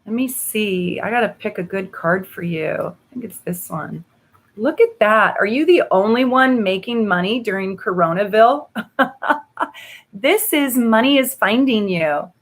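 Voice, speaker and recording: A woman's voice: medium pitch, animated, moderate pace. A woman astrologer hosting a casual live stream, chatting effusively and pulling tarot cards for viewers. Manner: bubbly and effusive, with laughs and "um" fillers. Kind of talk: casual live-stream chat with card readings.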